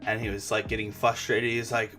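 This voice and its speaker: Faint music plays behind this young gaming-channel host, whose lowish, fairly flat voice comes out quick, pushed, and bright. His casual talk wanders, is laced with profanity, and keeps tripping into false starts.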